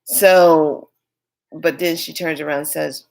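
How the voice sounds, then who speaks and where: A woman's voice: deep voice, steady tone, slow, gravelly, a little mellow. A woman telling a personal story in a candid, rambling, emphatic way. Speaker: spiritual vlogger.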